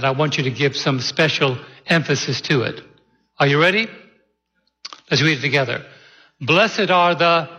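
Bright-voiced pastor in echoey church. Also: male voice, fairly high pitch, highs cut off. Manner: prayerful, deliberate, stresses key words. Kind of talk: sermon. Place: church sanctuary.

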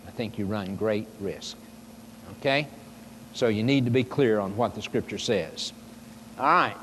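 A man with a fairly low, fairly bright voice delivers a sermon a little slowly, expounding scripture and asking his listeners emphatic rhetorical questions. The recording has long hall reverb and faint noise.

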